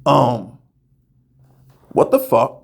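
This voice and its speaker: A man's voice: medium pitch, huge pitch swings, extremely slow, gravelly, husky. A man hosting a fan show, ranting heatedly and profanely, often stammering and repeating words as he fires questions. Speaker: podcast host.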